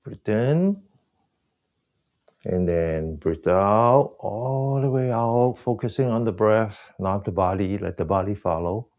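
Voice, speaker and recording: A man teaching a breathing class, giving slow, soft guided cues and explaining with more energy. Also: on the low side. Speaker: breathing exercise instructor.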